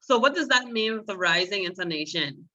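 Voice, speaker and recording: A woman's voice: medium pitch, animated, brisk, pushed and bright, dull audio. A woman teaching a beginner Spanish class, explaining patiently step by step and calling on students.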